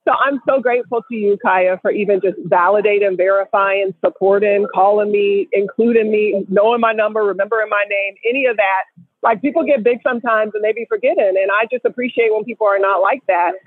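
A woman co-hosting a casual call-in podcast, a lively storyteller who slips into the voices of people she quotes. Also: mid-range voice, fairly quick, no room sound. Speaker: co-host. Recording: tinny phone line, dry.

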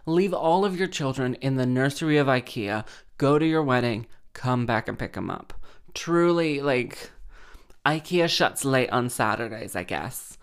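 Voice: medium pitch, lively intonation, measured pace, clean tone. A wedding harpist telling an exasperated, sweary, sarcastic story in casual rant style.

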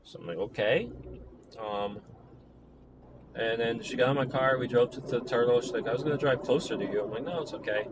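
A man's voice: mid-range voice, a little fast, heavy background noise. A young man casually retelling a personal story, rambling with lots of fillers and criticizing himself.

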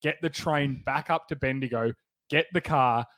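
A young Australian man chatting on a podcast, with wry, deadpan remarks. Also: medium pitch, moderate pace, dry recording, poor audio. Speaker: podcast co-host. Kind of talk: casual chat.

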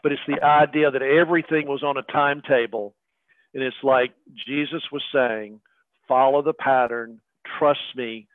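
A man's voice: mid-range voice, steady tone, normal speed, no room sound. A middle-aged man preaching a sermon in a conversational way, with many fillers and direct asides to the congregation. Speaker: pastor. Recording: tinny phone-like radio broadcast.

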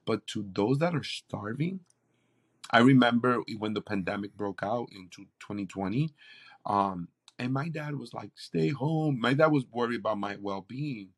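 Animated man telling a testimony. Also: medium pitch, normal speed. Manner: animated storyteller, acts out quoted voices. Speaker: campus pastor, guest. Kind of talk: conversational testimony.

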